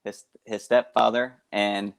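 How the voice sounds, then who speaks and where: A man speaking as guest co-host on a casual podcast, rambling and halting, laughing easily. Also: on the low side, little pitch movement, gravelly, smooth.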